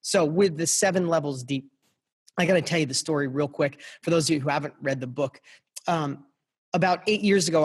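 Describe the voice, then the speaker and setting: A middle-aged man with a fairly high, husky voice, speaking as a podcast guest. He tells his story in an impassioned motivational style. He punches his points home by repeating them and turns to address the listener directly. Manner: passionate, emphatic, repeats phrases for punch.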